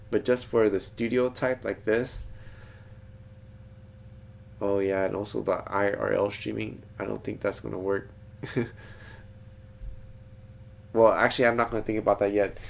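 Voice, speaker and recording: Male vlogger, deep-ish and a bit creaky; easygoing, digressive talk from a home studio. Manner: digressive, thinks aloud with frequent restarts. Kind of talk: casual rambling vlog monologue.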